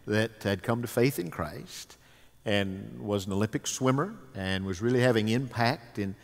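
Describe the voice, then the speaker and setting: Folksy pastor with hesitant "uh"s. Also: male voice, on the low side, vocal fry. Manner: folksy, with many "uh" pauses and "amen". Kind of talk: stage interview. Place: church sanctuary. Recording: long reverb of a large hall.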